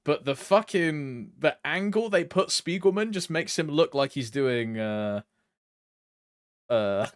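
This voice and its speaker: A man's voice: on the high side, lively intonation, takes it slowly, no room sound, studio quality. A man streaming live, chatting loosely in slangy talk, laughing often and trailing off mid-thought. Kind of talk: casual live stream commentary.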